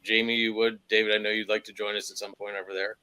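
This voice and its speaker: A man's voice: fairly low pitch, little pitch movement, fast talker, bright, forceful tone, clear, resonant tone, no room sound. A man hosting a podcast, casually wrapping up the talk and handing over to his guest. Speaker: podcast host.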